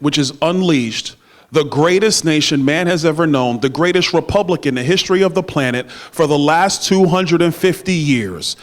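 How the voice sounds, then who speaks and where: A middle-aged man giving a campaign stump speech at a dinner, with emphatic oratory and playful banter with the crowd. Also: a little high. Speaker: political speaker at a party dinner. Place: banquet room. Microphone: handheld microphone.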